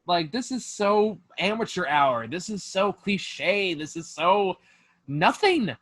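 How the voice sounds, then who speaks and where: A man's voice: high voice, big pitch swings, slow, fairly bright tone. A man hosting a casual film review chat over a video call, talking in a profane, mocking way full of fillers. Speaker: host.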